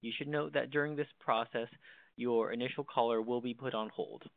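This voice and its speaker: A man's voice: mid-range voice, fairly even intonation, fairly quick, creaky, no room sound. A man walking through the basic features of a desk phone in a plain, step-by-step instructional tone. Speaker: tutorial presenter. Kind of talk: instructional walkthrough. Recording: dry, phone-like narrow sound.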